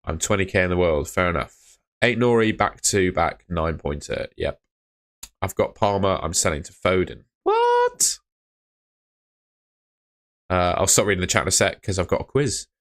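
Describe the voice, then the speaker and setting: Low-voiced laid-back man streaming. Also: a little fast, fairly bright tone. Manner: laid-back, chatty, reads viewer messages aloud. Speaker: fantasy football streamer. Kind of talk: casual live-stream chat reading comments.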